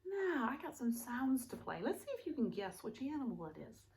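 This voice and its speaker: A woman teaching young children about farm animals in a sing-song, animated way, imitating the animal sounds and sometimes dropping to a hushed whisper. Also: on the high side, a little fast, slight background noise. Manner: drops to a hushed, breathy whisper at times. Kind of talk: children's video lesson.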